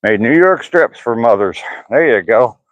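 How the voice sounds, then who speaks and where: A man's voice: mid-range voice, animated, moderate pace, no echo, dull audio. Chatty older man on a walk. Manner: chatty, answers chat viewers by name, laughs often. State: sore hip. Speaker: vlogger reading live chat. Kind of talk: casual livestream chat on a walk. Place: outdoors on a walk.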